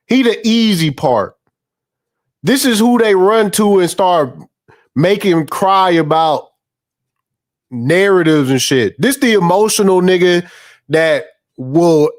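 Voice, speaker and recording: A young man with a rather high voice riffs on a clip in loose, profane banter. He sounds incredulous and mocking, circling back to the same phrases again and again. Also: lively intonation, slow pace, pauses often. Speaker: host reacting to a protest clip. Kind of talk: casual profane commentary.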